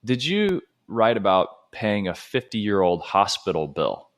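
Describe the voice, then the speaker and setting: A man hosting a podcast interview, asking questions in a casual, halting way with many restarts. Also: fairly low pitch, big pitch swings. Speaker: podcast host.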